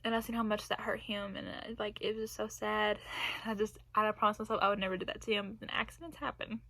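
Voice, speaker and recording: A woman's voice: medium pitch, bright, forceful tone, no room sound. A young woman telling a personal story in a casual vlog, rambling and laughing between phrases. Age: young adult. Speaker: vlogger.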